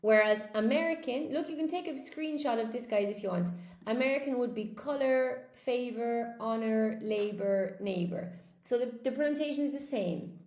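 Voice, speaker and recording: A woman's voice: a little high, moderate pace, darkish tone, roomy sound. A woman teaching a live online English lesson, chatting and answering viewer comments as she goes, often repeating words for emphasis.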